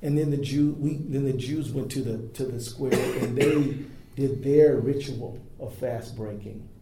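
Emphatic male speaker, warm tone, roomy echo with faint noise. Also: mid-range voice, fairly even intonation, measured pace. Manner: earnest, emphatic speech. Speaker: speaker at an interfaith event. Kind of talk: public speech. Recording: echoey room with faint noise.

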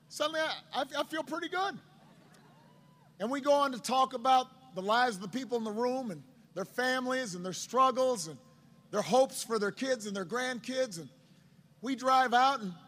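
Speaking to a crowd, a middle-aged politician recounts a story in a very high, sharp-toned voice. He stumbles along haltingly, repeating words again and again.

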